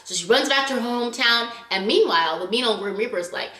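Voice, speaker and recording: A young woman vlogger recapping a drama in animated, chatty casual talk, acting out scenes as she goes. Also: on the high side, quick pace, hardly any pauses, echoey room.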